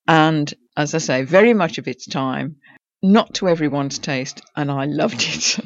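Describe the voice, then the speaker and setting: A man's voice: fairly high pitch, vocal fry, no room sound. A man co-hosting a book podcast who chats casually and laughs between sentences. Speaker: podcast co-host. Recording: dry, muffled recording.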